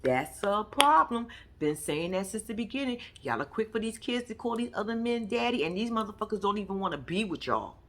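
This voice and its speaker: A woman's voice: medium pitch, expressive, fast talker, hardly any pauses, slight background noise. A woman giving a casual commentary recap of a reality TV episode, blunt and profane, acting out the people she quotes.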